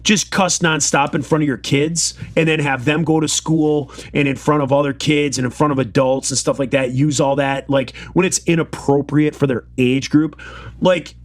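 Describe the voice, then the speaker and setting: Podcast co-host, man, slightly high voice, rambling ranter, dry close sound. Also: fairly even intonation, moderate pace, no room sound. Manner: rambling, filler-heavy rant. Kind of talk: casual podcast chat.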